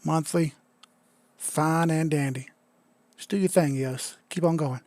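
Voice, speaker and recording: A man's voice: on the high side, steady tone, measured pace, darkish tone, no echo. Tipsy, joking man on a live stream. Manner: loose, joking, profane, says he is drunk. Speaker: crypto chart analyst streamer. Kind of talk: casual live-stream commentary.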